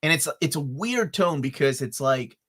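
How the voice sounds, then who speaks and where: A man from Peru co-hosting a casual live stream, animated and quick to laugh as he answers chat comments. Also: a little high. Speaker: co-host.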